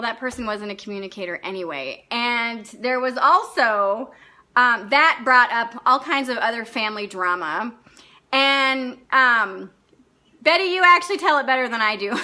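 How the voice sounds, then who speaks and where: A high, bright-voiced woman leads a live online coaching class. She talks off the cuff and bluntly, swearing freely and laughing often as she answers viewers' comments. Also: normal speed.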